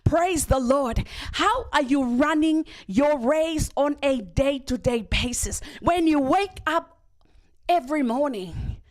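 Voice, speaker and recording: Slow, high-voiced woman preacher. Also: expressive. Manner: slow, deliberate preaching with scripture readings. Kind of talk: sermon. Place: church service.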